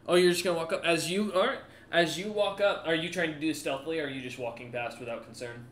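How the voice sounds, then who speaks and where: Guy running a tabletop game, rambly, lots of restarts, bit high voice, echoey room. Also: fast talker, fairly bright tone. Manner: rambling, full of fillers and restarts. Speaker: game master.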